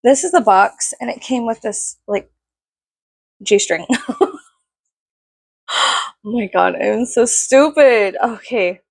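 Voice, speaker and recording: Giggly woman with a gravelly, husky voice. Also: fairly high pitch, animated, slow pace, long pauses, dry recording. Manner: giggly, rambling and self-mocking. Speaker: vlogger reviewing a perfume package. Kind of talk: casual unboxing chat.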